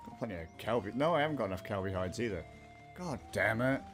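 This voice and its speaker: Low-voiced man muttering through a game stream. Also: lively intonation, fast. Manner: rambling, muttering to himself, swears casually. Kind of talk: casual gameplay stream commentary. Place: at home, playing a video game late at night. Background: game music.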